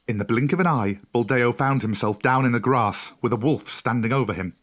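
A man narrating a children's storybook in a steady, clear voice. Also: mid-range voice, a little fast, few pauses. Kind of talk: storybook reading.

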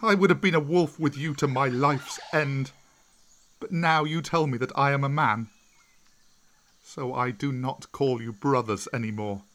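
A man's voice: medium pitch, steady tone, measured pace, voice pushed up, lightly acted. A man voicing a fierce young boy raised by wolves, speaking in a raised, defiant voice in a storybook reading. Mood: furious. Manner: defiant, shouting.

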